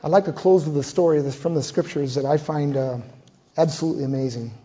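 Older male preacher, animated storyteller; warm, husky tone, slightly dull recording. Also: a little high, quick pace. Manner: animated retelling, acting out dialogue. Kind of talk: sermon storytelling. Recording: muffled lo-fi sound.

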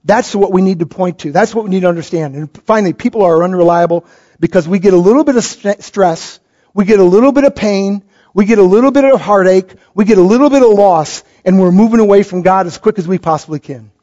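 Middle-aged pastor guy preaching, pretty high voice, dull lo-fi sound. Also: fast talker. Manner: animated storytelling, acts out quoted voices. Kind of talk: sermon. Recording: dull lo-fi recording.

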